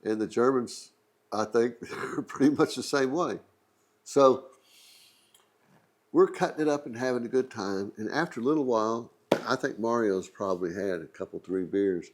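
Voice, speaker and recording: A man's voice: mid-range voice, moderate pace, long pauses. A middle-aged man with a Texan accent, casually telling a rambling, joking travel anecdote as the host of a museum channel. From Texas. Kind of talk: casual storytelling.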